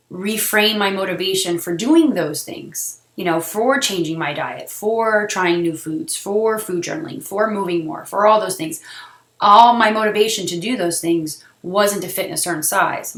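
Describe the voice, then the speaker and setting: A chatty woman in her thirties talks straight to camera, answering readers' questions with plenty of laughs and filler words. Her voice sits a little low. The recording carries a roomy echo. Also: fairly bright tone. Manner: chatty, laughs often, emotional at times, lots of fillers. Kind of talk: casual talk to camera. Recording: echoey room.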